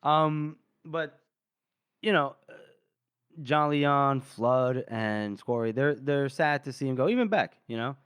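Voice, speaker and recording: Animated man retelling a story. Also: mid-range voice, slow pace, smooth, dry recording, studio quality. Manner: animated retelling, acts out character lines, laughs often. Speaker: podcast co-host. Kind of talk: casual book discussion, retelling scenes.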